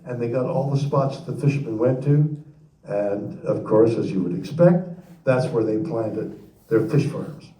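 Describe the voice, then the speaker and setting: A man in his nineties telling a rambling, halting story as a guest speaker at a convention, recorded from the crowd. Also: medium pitch, warm tone. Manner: rambling, halting, with emotional pauses. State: near tears while telling the story. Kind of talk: storytelling and audience Q&A. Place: large convention hall. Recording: echoey hall from far off, audience recording.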